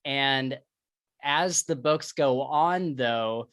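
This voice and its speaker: A man's voice: mid-range voice, very slow, a bit bright, no room sound, studio quality. A man co-hosting a podcast, chatting casually and eagerly about books, with plenty of filler words. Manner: chatty, enthusiastic, many fillers. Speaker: podcast co-host. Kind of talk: casual book chat.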